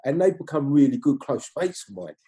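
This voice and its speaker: A middle-aged man, a guest from a film crew, speaks briskly in a slightly high, sing-song and mellow voice. During a casual interview he talks loosely, ending almost every point with "you know what I mean."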